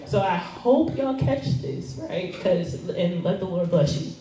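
A woman gives a casual sermon, chatty and self-deprecating, with laughs sprinkled through. She speaks at an unhurried pace, heard from a distance. The church hall rings with heavy echo. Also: lowish voice, big pitch swings, warm tone. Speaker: guest speaker. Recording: echoey hall, recorded from afar.

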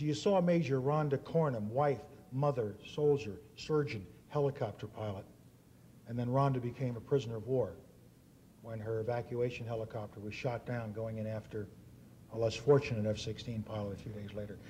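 A man's voice: medium pitch, fairly even intonation, normal speed, mellow, slight background noise. A man in his fifties giving an after-dinner speech, telling anecdotes with acted-out quotes. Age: 50s. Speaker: dinner speaker. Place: banquet hall.

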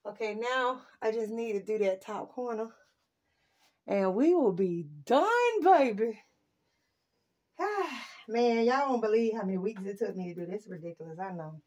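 A woman's voice: medium pitch, measured pace, darkish tone. A woman vlogging casually while she works, chatty and exclaiming, a little out of breath. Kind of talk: casual vlog to viewers.

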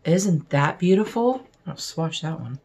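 Low-voiced gushing woman vlogger. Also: a little slow, slightly rough. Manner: gushing, excited, breaks into gasps and soft whispers. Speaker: beauty vlogger unboxing mail. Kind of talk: casual unboxing chat.

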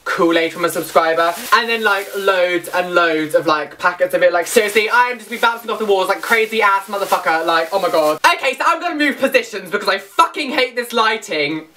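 A young man, talking in a casual vlog, excitable, self-mocking and swearing constantly. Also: high voice, fairly quick, hardly any pauses, slight background noise. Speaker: vlogger.

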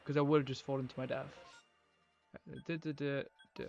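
A man's voice: medium pitch, level tone, brisk, creaky, darkish tone, muffled recording, faint music behind. A man live-streaming a game, chatting in a rambling, casual way to his viewers as he plays. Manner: rambling, chatty, talks to viewers while playing.

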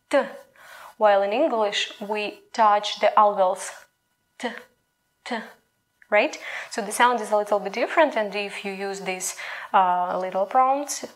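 A young woman with a Ukrainian accent, a native Ukrainian speaker teaching a language lesson in English and patiently modelling each sound aloud. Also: medium pitch.

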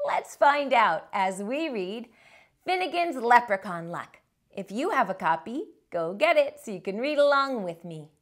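A woman hosting a children's storytime, reading a picture book aloud in an expressive, animated way. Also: a little high, moderate pace, hardly any pauses. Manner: warm expressive read-aloud. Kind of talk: read-aloud storytelling for kids.

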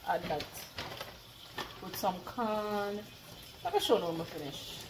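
A woman's voice: mid-range voice, lively intonation, measured pace, heavy background noise. A woman vlogger, chatting casually and laughing often as she films her day. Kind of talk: casual vlog chat.

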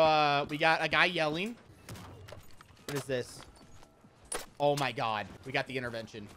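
Excitable young man playing a game. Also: high-pitched, a little hiss or hum. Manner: excitable, swears and laughs at surprises. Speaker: gaming YouTuber. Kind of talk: casual gameplay commentary.

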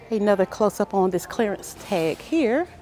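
A woman with a lowish, mellow voice walks through a large furniture store with her phone, excitedly reading out sale prices. She chats with her viewers the whole way, gushing over the bargains. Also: normal speed, slight background noise. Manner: excited, reads prices aloud, addresses viewers as guys. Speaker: shopping vlogger. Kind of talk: casual store walkthrough.

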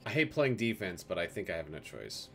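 Man, streamer host, bright tone, animated pitch, casual gaming chat. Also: brisk, creaky. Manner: lively, exclamatory.

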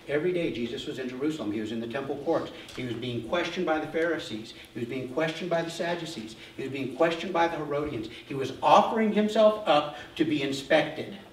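A man preaching a sermon as pastor, telling the story with animated asides and acted-out voices. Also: a little high, a little fast, hardly any pauses, roomy sound, far from the mic, a little hiss or hum, low-quality recording. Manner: animated storytelling, acts out voices of crowds and leaders. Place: church.

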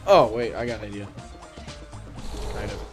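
A man casually playing a co-op video game with his brother, joking, swearing and shouting out moves. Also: lowish voice, normal speed, music in the background. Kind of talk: casual gaming banter.

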